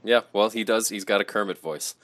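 A low-voiced man trades opinions on a casual sports podcast, animated and salty, breaking into laughs. His voice sits close and dry, with no room around it. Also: fairly quick, no echo. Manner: animated, profane, laughs often. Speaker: podcast co-host.

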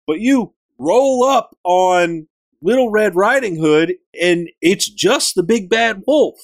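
A man chatting casually on a gaming podcast, retelling a story with animated, joking energy. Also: high voice. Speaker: podcast co-host recapping a game.

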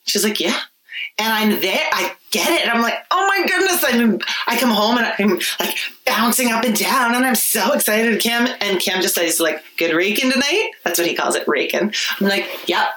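A woman talking casually on a podcast about her healing practice. She tells lively stories and acts out the voices she quotes. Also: medium pitch, normal speed, slight background noise, low-quality recording. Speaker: podcast guest, Reiki practitioner.

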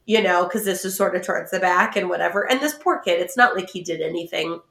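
A woman co-hosting a podcast in casual chat, an animated storyteller who laughs often. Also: on the low side, fast, creaky. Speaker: podcast co-host. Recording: roomy echo.

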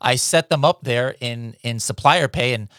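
A man's voice: mid-range voice, moderate pace, fairly bright tone, no room sound, clean studio sound. A man hosting a podcast, asking questions in a casual, conversational way with many filler words. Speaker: podcast host.

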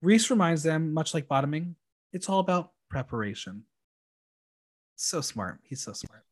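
A man's voice: a little high, big pitch swings, moderate pace. Chatty campy man recapping a show. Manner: chatty and campy, with frequent ums. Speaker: podcast host recapping a reality show. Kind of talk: casual chat.

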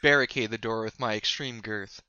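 A player in a tabletop role-playing game who talks playfully and breaks into loud in-character shouts. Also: medium pitch, normal speed, clear, resonant tone, no room sound. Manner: playful, lively, with bursts of shouted in-character lines. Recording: dull lo-fi mic.

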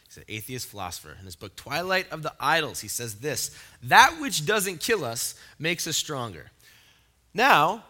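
Bright-voiced man preaching casually. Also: fairly high pitch. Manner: casual, storytelling, laughs often. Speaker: pastor. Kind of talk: sermon. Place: church in a big city.

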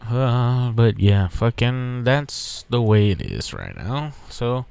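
A man's voice: mid-range voice, sing-song, slow pace, creaky, a little mellow, smooth, no echo. A man from Texas hosting a podcast alone, talking in a rambling, profane, laid-back way. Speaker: podcast host. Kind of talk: casual solo podcast monologue.

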